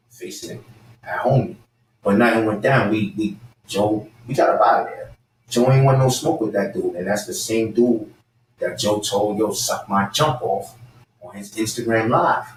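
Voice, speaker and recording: A man of around forty, a guest telling stories and delivering an animated, heated callout rant that breaks into shouting. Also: fairly low pitch, moderate pace. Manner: animated, fired-up, repeats his target's name, bursts into shouting. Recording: echoey room, mic set at a distance, faint background hiss.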